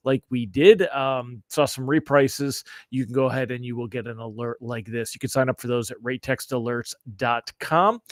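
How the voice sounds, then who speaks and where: An upbeat man hosts a live market update, talking casually to his viewers and walking them through charts. His voice sits at an ordinary middle pitch, a little stuffy from allergies. The sound is dry and close, with no room around it. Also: dry recording. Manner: upbeat, chatty, greets viewers by name. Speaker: daily mortgage rate show host.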